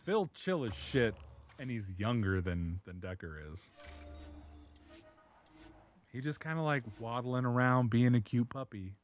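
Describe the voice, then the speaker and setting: A man's voice: medium pitch, lively intonation, a little slow, pauses often, soft background music. A man streaming and telling a rambling dog story, laughing often and swearing freely. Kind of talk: casual chat.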